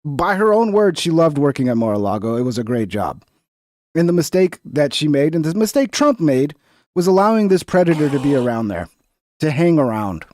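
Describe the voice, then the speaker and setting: A man's voice: fairly high pitch, big pitch swings, fairly quick, darkish tone, no echo. A young American man hosting a live stream, reacting to news in a casual, rambling way with lots of slang and swearing. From United States.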